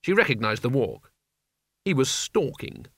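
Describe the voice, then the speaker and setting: A man narrating a fantasy novel aloud in a measured, even storytelling manner. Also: mid-range voice, slightly rough, no echo, studio quality. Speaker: audiobook narrator. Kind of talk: scripted narration.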